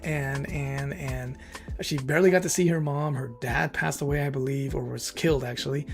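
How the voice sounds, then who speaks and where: A man hosting a livestream, telling a story in casual, excited, rambling chat full of fillers and emotional outbursts. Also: medium pitch, normal speed, creaky, soft background music. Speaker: streamer and channel host.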